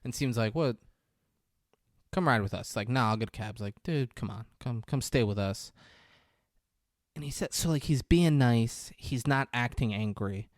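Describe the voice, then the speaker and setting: A man's voice: mid-range voice, normal speed, no room sound, studio quality. Man animatedly retelling a movie scene. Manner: animated, acts out characters' lines with laughter. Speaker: podcast co-host. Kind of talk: casual chat retelling a film scene.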